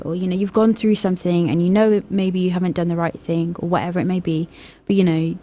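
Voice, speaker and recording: A woman's voice: lowish voice, flat delivery, fast, hardly any pauses, mellow, a little hiss or hum. Young woman co-hosting a radio talk. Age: young adult. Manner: rambling, hesitant, laughs often. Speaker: youth radio co-host. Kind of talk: casual radio discussion. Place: radio studio. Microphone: studio microphone.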